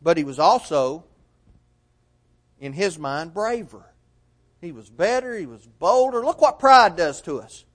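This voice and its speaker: A man's voice: sits high, lively intonation, a little slow, long pauses. A man preaching a sermon in a church, telling a Bible story and quoting its figures with rising emphasis.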